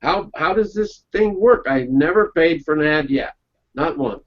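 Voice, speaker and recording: A man's voice: a little high, animated, a little slow. Folksy male storyteller on dull recording. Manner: folksy storytelling, checks in with "okay?". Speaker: webinar presenter. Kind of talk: casual anecdotal round-table talk.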